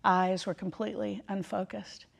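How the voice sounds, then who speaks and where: Gravelly woman telling a heartfelt sermon story. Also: medium pitch, level tone. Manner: emphatic, heartfelt, dramatic pauses. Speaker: Bible study teacher.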